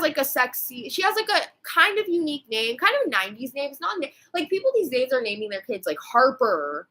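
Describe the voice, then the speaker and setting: A woman's voice: high-pitched, bright, forceful tone, low-quality recording. A woman in her twenties telling a rambling storytime rant, swearing freely and full of fillers and restarts. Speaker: vlogger.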